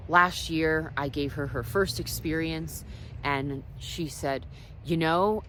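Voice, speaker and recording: A woman telling personal stories in a casual, reflective vlog. She drifts between soft asides and emphatic points. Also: deep voice, fairly even intonation, slow, slight background noise. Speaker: wellness vlogger.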